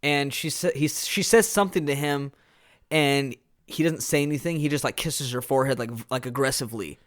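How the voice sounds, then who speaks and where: A young man co-hosting a laid-back podcast. He retells scenes in a loose, rambling way, stopping and restarting as he goes. His voice sits at an ordinary middle pitch. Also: a little fast. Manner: rambling, animated retelling with laughs. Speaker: podcast co-host. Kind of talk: casual movie-review chat.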